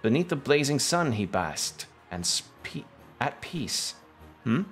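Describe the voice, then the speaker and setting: A man's voice: mid-range voice, sing-song, takes it slowly, fairly bright tone, soft background music, voice pushed up. A man voicing a chatty, forgetful village wife, with an attempted British accent and old-fashioned phrasing.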